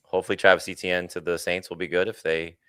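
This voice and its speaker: A man analyst on a fantasy football show, speaking in a measured, somewhat hesitant way with frequent fillers. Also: low-pitched, level tone, pushed and bright, clear, resonant tone, dry recording. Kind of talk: studio sports talk show.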